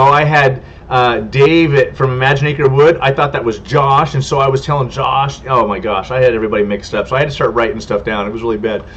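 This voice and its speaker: A man's voice: mid-range voice, fairly bright tone. Rambling man hosting a homestead livestream. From California. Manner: rambling and friendly, stumbles over names. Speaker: homestead channel host. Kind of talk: casual livestream chat, reading viewer comments. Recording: dull lo-fi stream audio.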